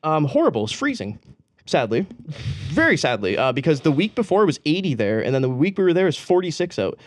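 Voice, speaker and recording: A young man tells a long story on a podcast, rambling and profane, heavy on slang and quick laughs. His voice sits a little high, and the sound is dry and close. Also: very animated, no echo. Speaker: podcast co-host.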